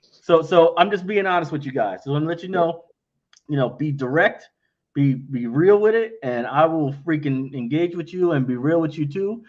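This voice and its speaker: A man's voice: on the high side, animated, moderate pace, darkish tone, highs cut off. A man answering investor questions in a casual livestream, talking bluntly and frankly, often acting out both sides of conversations. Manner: blunt and frank, acts out quoted exchanges.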